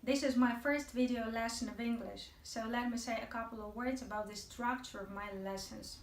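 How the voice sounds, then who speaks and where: A woman's voice: a little high, fairly even intonation, moderate pace, far from the mic. A woman teaching an English video lesson, chatty and playful, speaking straight to her viewers. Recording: echoey room, voice from off the mic.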